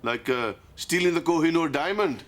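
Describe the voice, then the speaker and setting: An actor playing a sarcastic, exasperated Scottish shopkeeper. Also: male voice, fairly high pitch, expressive, normal speed, a little hiss or hum, natural voice.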